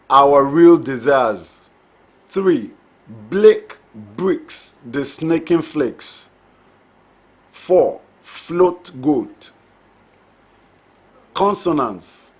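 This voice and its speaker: A man giving a recorded literature lecture, reading terms and examples slowly and deliberately. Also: a little high.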